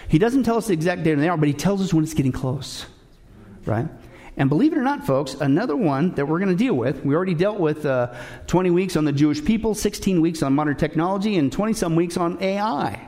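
A man's voice: a little high, animated, fast, darkish tone. A man preaching a sermon as pastor, telling folksy jokes and addressing the congregation as folks.

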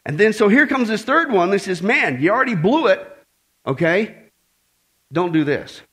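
A man with a high voice preaches to a congregation at normal speed. He's emphatic and animated, tossing in joking asides and repeating his warnings.

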